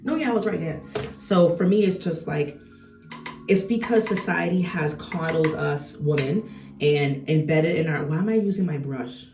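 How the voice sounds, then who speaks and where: A woman's voice: deep voice, moderate pace, echoey room, far from the mic, music in the background. A young adult woman talking casually while she does her makeup, chatty and slangy with lots of rhetorical asides. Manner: slangy and animated. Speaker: beauty vlogger.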